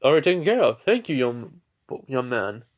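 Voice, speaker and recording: A man voicing a loud, booming muscular hero with a boisterous laugh, in a homemade fan story. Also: sing-song, moderate pace, highs cut off, close to an everyday voice.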